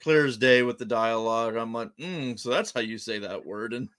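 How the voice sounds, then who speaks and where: A man of middle pitch gives his view on a cartoon episode in a halting way. He restarts his sentences and leans on filler words as he works out his point. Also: fairly bright tone. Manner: hesitant, repeats words, many likes. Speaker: co-host reviewing an episode. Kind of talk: casual review chat.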